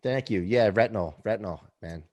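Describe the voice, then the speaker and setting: A man's voice: on the low side, fairly quick, a crowd in the background. A man hosting a casual interview, joking and laughing along with his guest. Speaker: podcast host.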